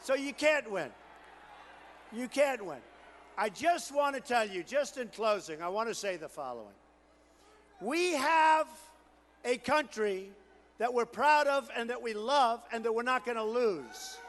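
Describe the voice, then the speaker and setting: A man giving a campaign rally speech, boastful and repetitive, riffing to the crowd and building to shouted crescendos. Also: very high voice, animated, a little slow, big-room sound, slight background noise. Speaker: political candidate at a rally.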